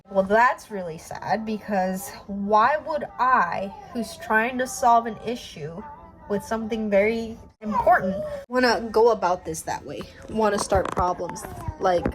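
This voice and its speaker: A woman family vlogger telling a personal story in a casual, animated way, using slang. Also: mid-range voice, a little hiss or hum. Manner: animated, emphatic retelling with slang.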